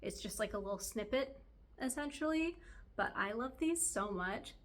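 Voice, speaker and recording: A woman's voice: on the high side, lively intonation, moderate pace, fairly bright tone. Chatty woman vlogging in her kitchen. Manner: chatty, rambling, laughs often. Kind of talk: casual chat to camera. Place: home kitchen.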